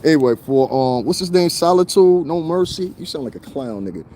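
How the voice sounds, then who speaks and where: A man's voice: fairly high pitch, lively intonation, a little fast, mellow, slight background noise. Mocking man ranting on a street livestream. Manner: mocking, confrontational, laughs often. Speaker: livestreaming vlogger. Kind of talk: casual livestream rant to viewers.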